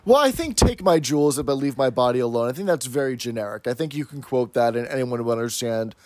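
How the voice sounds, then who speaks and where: A man's voice: mid-range voice, expressive, fast talker, dry recording. Dry-sounding man recapping a sitcom. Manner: recapping, plot by plot. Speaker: podcast co-host. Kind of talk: casual chat recapping a sitcom episode.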